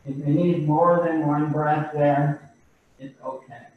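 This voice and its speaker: A man teaching a qigong class over a video call, giving slow, calm breathing and movement cues. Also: fairly high pitch. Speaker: qigong instructor. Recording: roomy, distant, dull video-call audio.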